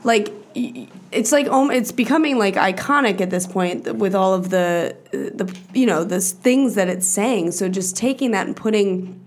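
A woman in a casual chat, animated and opinionated, swearing now and then. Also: mid-range voice, moderate pace.

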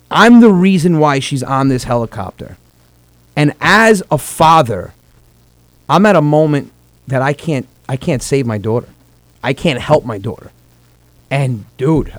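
A man's voice: medium pitch, expressive, normal speed, dry recording. Emotional man with a dry, close sound. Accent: New York-New Jersey Italian-American. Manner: emotional, swearing, repeats words when moved. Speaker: comedian podcast host. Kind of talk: earnest personal talk on a comedy podcast.

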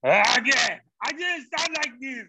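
A man voicing a put-upon man with a squeaky, strained high voice in a comedy podcast bit. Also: lively intonation, slow, sharp tone, slightly rough, dry recording, heavily acted. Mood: whiny.

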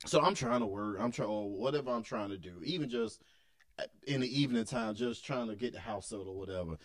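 A man's voice: mid-range voice, fairly quick. A young adult man co-hosting a podcast, telling stories about his kids in casual chat and laughing often. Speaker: podcast co-host.

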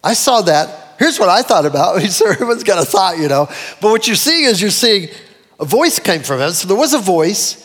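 A man preaching with animation and a fairly high voice, swinging his pitch up and down as he quotes scripture. His words ring out with a long reverb, as in a large hall. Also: very animated, fairly quick, fairly bright tone. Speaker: pastor. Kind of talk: sermon.

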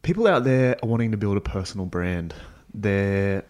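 Low-voiced male podcast host. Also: expressive, moderate pace. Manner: asks questions, gentle affirmations. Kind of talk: casual interview.

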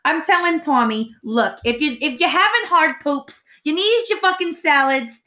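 A woman's voice: high voice, lively intonation, normal speed, pushed and bright. A woman putting on a brassy Queens housewife. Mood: brash. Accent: New York Italian-American, put on. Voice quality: brassy, swearing constantly. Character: brash Italian-American Queens housewife, loud, bossy.

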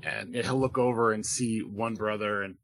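A man's voice: lowish voice, fairly even intonation, normal speed, crowd noise. Laid-back man narrating a tabletop game. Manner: casual, descriptive, filler-heavy. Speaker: game master.

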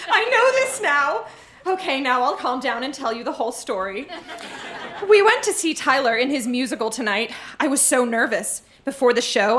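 A woman stands at a stage mic reading her teenage diary to a live audience. Her voice is bright and sits a little high, and she leans into the melodrama with gushing, comic timing. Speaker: live show reader. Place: stage before a laughing audience.

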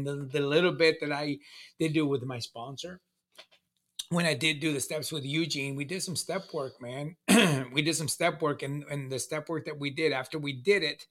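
Man, casual storyteller, somewhat high, forceful voice, halting and repetitive. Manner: rambling, halting, repeats words, says "man" often. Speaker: guest sharing recovery story. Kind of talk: casual conversation, personal storytelling.

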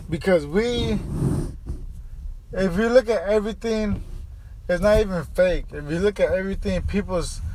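A man's voice: sits high, normal speed, long pauses, a little mellow, slight background noise, rough recording. A young man arguing casually, insistent, repeating his claims and talking over his friend. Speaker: friend in a heated debate. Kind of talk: casual argument.

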